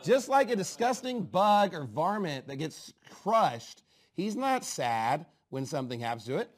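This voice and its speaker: A man preaching a fiery sermon, swinging from low asides to loud, emphatic outbursts. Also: very animated, unhurried. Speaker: pastor.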